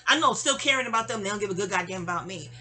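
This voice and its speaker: A woman in her fifties telling a long, rambling personal story, animated and digressive, with frequent exclamations. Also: medium pitch, rapid-fire. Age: 50s. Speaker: vlogger.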